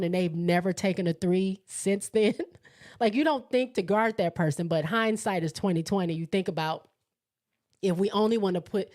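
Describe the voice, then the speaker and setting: Woman with a slightly low voice, hosting a live sports stream, chatty and excitable, laughing a lot. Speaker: host of a live sports show. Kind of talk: casual live-stream chat reading viewer comments.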